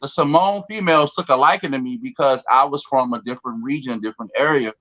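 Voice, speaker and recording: A man from the DC area, talking in a rambling, animated way in a casual group debate, often repeating words. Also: medium pitch, quick pace, muffled recording. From DC, Maryland, Virginia area.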